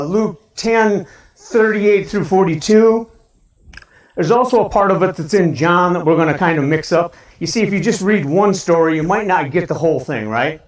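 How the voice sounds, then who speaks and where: A man with a Midwestern American accent preaching a lively sermon as pastor, asking his congregation questions. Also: high-pitched. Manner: animated, shouts a cheerful greeting, talks to the congregation with questions. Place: church sanctuary. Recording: roomy church sound from a distance.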